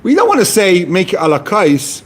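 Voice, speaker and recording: Animated man teaching Talmud. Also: high-pitched, normal speed, slightly rough. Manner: reads Aramaic phrases then translates casually, animated. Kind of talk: explaining Talmud text to a study partner.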